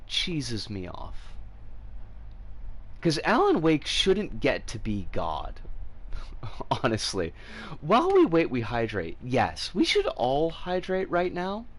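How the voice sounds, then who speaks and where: A man streaming a game and chatting casually with his viewers, rambling with frequent fillers. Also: medium pitch.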